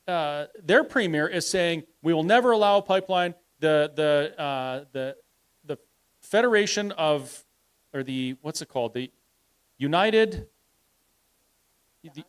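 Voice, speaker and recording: A man with a fairly high voice speaks at a live public panel. He argues his case forcefully, and at times stalls mid-sentence while groping for the right word. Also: animated, takes it slowly, long pauses, smooth. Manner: forceful, argumentative, trails off hunting for words. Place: live event hall.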